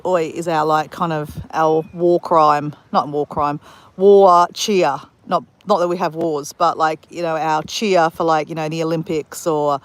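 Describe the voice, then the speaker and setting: Chatty Australian woman on a beach walk. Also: fairly low pitch. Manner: chatty, rambling, fast-talking with restarts. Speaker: vlogger. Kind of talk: live-stream chat on a beach walk. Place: outdoors at a beach at dawn.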